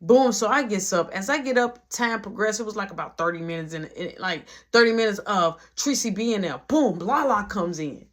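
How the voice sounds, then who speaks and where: A young man telling a casual storytime, acting out every quote and dropping to a hush in the quiet parts. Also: high-pitched, normal speed, few pauses. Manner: animated, acts out every quote, drops to a hush for quiet scenes.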